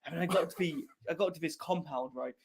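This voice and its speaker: A man's voice: on the high side, brisk, slightly rough. Young man, laughing storyteller. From Wales. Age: young adult. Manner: laughing, profane, offhand. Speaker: interview guest. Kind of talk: casual storytelling.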